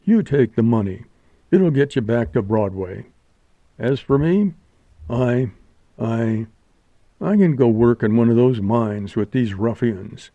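A man's voice: medium pitch, animated, slow, no echo, phone-quality sound. A man voicing a vain young male actor in an audiobook, slangy and mock-solemn. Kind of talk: audiobook character voice.

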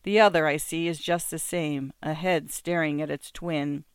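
A narrator giving a measured, descriptive first-person reading of a literary story. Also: medium pitch, steady tone, dry recording, studio quality. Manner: measured, descriptive, smooth delivery.

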